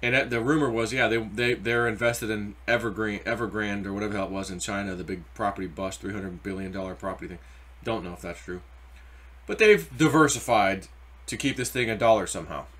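Middle-aged guy rambling about markets, bright forceful voice, loose storytelling. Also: on the low side, fairly quick. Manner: rambling, anecdotal, spiritual asides. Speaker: crypto YouTuber. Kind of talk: casual market commentary.

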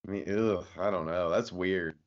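A man co-hosting a podcast with a very deep voice. He chimes in with wry, joking asides in casual conversation. The recording sounds dull and lo-fi. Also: steady tone, moderate pace. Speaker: podcast co-host.

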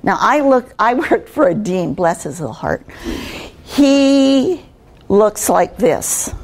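A woman's voice: medium pitch, sing-song, slow pace, gravelly. An older woman giving a conversational workshop talk on communication skills to students, asking them rhetorical questions. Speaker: guest speaker on communication skills.

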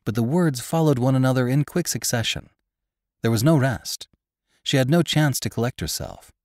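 A man narrating a classic story for a podcast in a measured, expressive storytelling manner. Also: medium pitch, dry recording, studio quality.

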